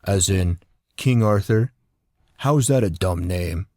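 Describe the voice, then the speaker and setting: A man voicing a big, brutish teenage boy who speaks gruffly and takes offense easily. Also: low-pitched, slow, darkish tone, dry recording, studio quality. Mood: indignant. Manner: gruff, indignant.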